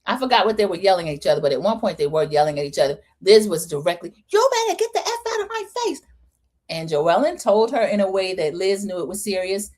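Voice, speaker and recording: A chatty woman recaps a reality TV episode, full of opinions. She talks in a relaxed, easy way and acts out what the cast said. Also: on the low side, quick pace, hardly any pauses. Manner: chatty, opinionated, animated quoting of cast members. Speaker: host.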